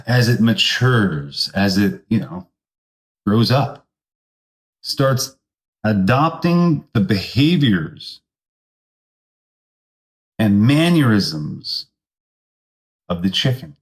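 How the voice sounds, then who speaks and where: A comedian hosting his own podcast, unspooling a silly tall tale in a slow, unhurried delivery. His pitch swings widely from line to line as he lurches between deadpan narration and put-on voices. He sits in the middle range for a man. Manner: rambling, deadpan tall tale with sudden voice jumps. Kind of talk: comedic storytelling monologue.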